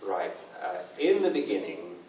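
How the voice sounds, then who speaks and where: Answering fan questions at a convention panel, this voice actor in his thirties jokes and pokes fun at himself. He speaks in a low voice, very animated but a little slow. Heard from a distance in a big convention hall, the audio is echoey and noisy.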